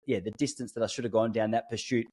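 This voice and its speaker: A man's voice: lowish voice, fairly even intonation, quick pace, dark tone. A man hosting a podcast, talking in a casual, enthusiastic and informal way. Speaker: podcast host.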